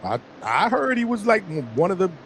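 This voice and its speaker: A man's voice: sits high, big pitch swings, brisk, crowd noise. A man hosting a call-in show, arguing and laughing in casual banter. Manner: argumentative, laughing.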